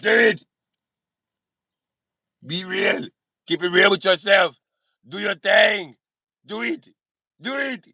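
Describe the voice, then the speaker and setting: A man voices a musclebound tough guy with a thick put-on Austrian accent, raising his voice well above his own to bark commands again and again. The tone is gravelly, forceful and pushed high, and the sound is close and dry with no room around it. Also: slow, pauses often, no room sound, exaggerated voice. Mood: barking orders. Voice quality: gravelly, barking. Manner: commanding, repeats orders, mock-macho.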